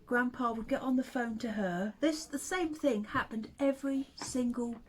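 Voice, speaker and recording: A middle-aged mother and vlogger tells family stories in a casual chat, laughing often and sometimes dropping to a whisper. Her voice is on the high side and moderately paced. The audio is poor, with slight background noise.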